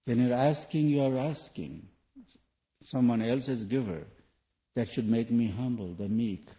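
On a dull lo-fi tape from the 1980s, a male spiritual teacher preaches to an audience, asking rhetorical questions in loosely worded, non-native English. He speaks a little slowly in a mellow, mid-range voice, pausing often.

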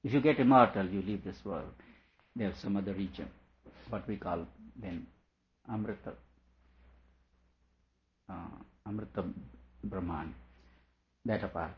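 A man with a fairly low voice gives a lecture on scripture, going over each idea patiently and restating it in different words. The recording is dull and lo-fi, with the top end muffled. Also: slight background noise. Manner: deliberate, explains by repeating and rephrasing. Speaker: teacher.

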